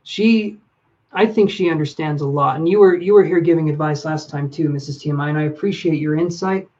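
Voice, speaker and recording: Man, fairly high voice, live-stream relationship advisor who talks to chat by name, murky lo-fi audio. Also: fairly quick, a little mellow. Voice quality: reflective, speaks straight to viewers by name. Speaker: livestream reader and relationship advisor.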